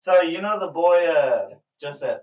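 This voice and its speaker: A man's voice: fairly high pitch, expressive, unhurried, distant mic. A man co-hosting a loose drinking podcast, playful and profane, pushing his friends for honest answers. He sits back from the mic, and the sound is dull and lo-fi. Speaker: podcast co-host. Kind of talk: casual drinking chat.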